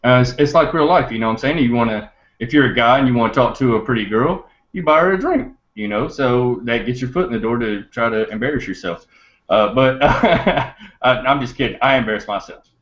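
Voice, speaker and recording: A man of middle pitch tells a story to his listeners in a loose, rambling way, often laughing and trailing off into fillers. His voice sounds a little muffled and lo-fi, as if the recording was a bit dull. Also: brisk, a bit bright. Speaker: podcast host.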